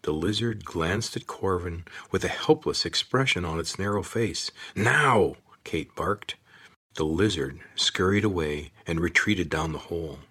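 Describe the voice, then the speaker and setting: A man narrating an audiobook in a steady, measured storytelling voice. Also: low-pitched, breathy edge.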